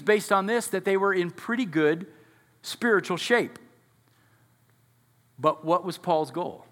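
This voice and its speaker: A man's voice: high voice, fairly bright tone, big-room sound. A male pastor preaching a sermon to his congregation in a conversational way, often asking them questions. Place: church sanctuary before a congregation.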